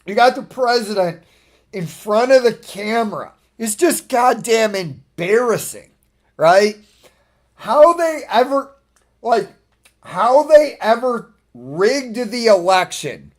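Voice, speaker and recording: Profane, laughing male streamer. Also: high-pitched. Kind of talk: casual ranting monologue.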